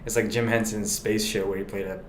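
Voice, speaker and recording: A man chatting casually as a guest, rambling eagerly about movies with quick laughs. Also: lowish voice, little pitch movement, slight background noise. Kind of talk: casual chat. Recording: roomy echo.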